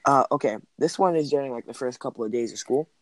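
A man's voice: medium pitch, fast, no room sound. A man in casual chat, rambling through school stories with lots of "like" and "um". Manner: rambling, heavy use of "like" and "um".

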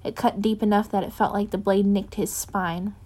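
A woman's voice: medium pitch, flat delivery, moderate pace, a little mellow, husky. Woman reading a story, unpolished. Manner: unpolished, corrects her own slips. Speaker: reader. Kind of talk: reading fan fiction aloud.

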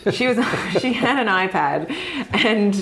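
A woman in a casual podcast chat, recounting a story with animated energy and frequent laughter breaking into her sentences. Her voice sits at an ordinary middle pitch. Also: normal speed, background noise. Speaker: actress, podcast guest.

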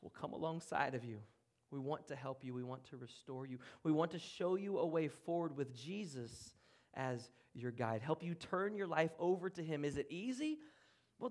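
A man pastor preaching a sermon in a church room, earnest, with dramatic pauses and drops to a hush. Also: a little high. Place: church room, speaking from the front.

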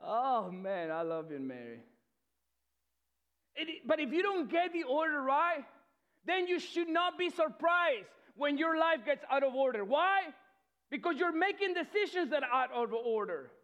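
A male pastor preaching a sermon with energy, often repeating words and swinging between loud and soft. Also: extremely high pitch, expressive, a little slow. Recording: dull lo-fi sound.

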